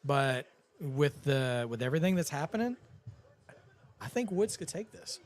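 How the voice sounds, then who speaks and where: Brief: talkative male co-host, slightly higher voice, loose casual chat. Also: animated, normal speed. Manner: chatty, rambling with fillers. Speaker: co-host of a wrestling watch-along.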